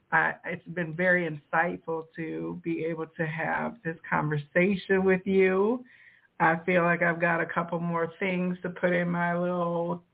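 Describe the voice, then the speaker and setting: A woman hosting a spiritual podcast interview, thanking her guest in a gentle, grateful way. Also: lowish voice, creaky. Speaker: podcast host. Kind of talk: casual interview chat. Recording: tinny phone-like line.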